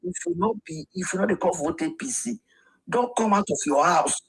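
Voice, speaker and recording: A man's voice: sits high, animated, brisk, creaky, husky, low-quality recording. A Nigerian man with a Nigerian accent arguing insistently in a street debate, repeating his points in Pidgin. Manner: insistent, repetitive, argumentative. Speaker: discussant.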